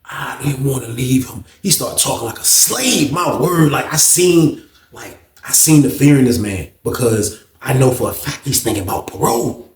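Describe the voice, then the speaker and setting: A man's voice: medium pitch, expressive, normal speed, reverberant, distant mic. Man, casual storytelling, slangy and profane, acts out dialogue, talks to listeners, sits back from the mic.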